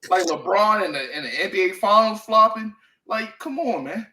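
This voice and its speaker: A man's voice: high-pitched, animated, a little fast, sharp tone, echoey room, low-quality recording. A man co-hosting a casual sports talk show, blunt and profane, leaning on "man" and "you know what I mean.". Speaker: sports podcast co-host.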